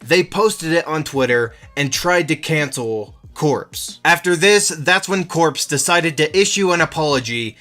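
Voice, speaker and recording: A man's voice: fairly high pitch, lively intonation, a little slow, hardly any pauses, pushed and bright, soft background music. A man narrating a scripted commentary video, telling the story with a building-suspense delivery. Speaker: YouTube commentary host.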